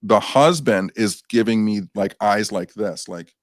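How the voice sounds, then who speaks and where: A man's voice: lowish voice, measured pace, dry recording, clean studio sound. A man, a guest on a paranormal talk show, telling anecdotes in a casual chat and acting out the people he quotes. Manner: animated anecdote teller, acts out quotes.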